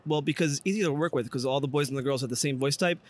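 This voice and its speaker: Quick-talking man coaching singing. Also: a little high. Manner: gentle coaching, soft-spoken instructions. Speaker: music teacher. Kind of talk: casual interview. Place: outdoors on location.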